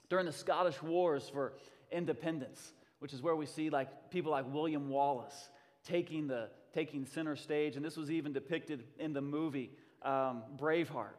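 High-voiced joking preacher man, echoing church. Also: normal speed. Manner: energetic, joking storyteller. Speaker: pastor. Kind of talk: sermon. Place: church sanctuary. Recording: long reverb of a church hall.

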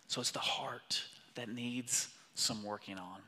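A man preaching a sermon as pastor, impassioned, swinging from loud emphatic peaks to hushed whispers. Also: medium pitch, steady tone, measured pace, hardly any pauses. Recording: long hall reverb.

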